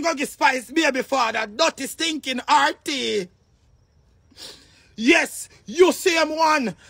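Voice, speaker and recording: A Jamaican man rants in a video monologue, his voice pitched very high with a gravelly fry running through it. He is loud and combative, swearing freely and bursting into shouts. The sound is dry, with no room around it. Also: slow, dry recording. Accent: Jamaican Patois. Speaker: online personality.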